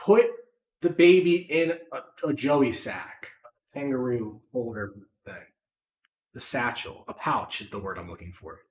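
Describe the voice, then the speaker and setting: A man co-hosting a podcast, chatting casually with animated, profane rambling jokes. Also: medium pitch, unhurried, echoey room. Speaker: podcast co-host. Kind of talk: casual chat.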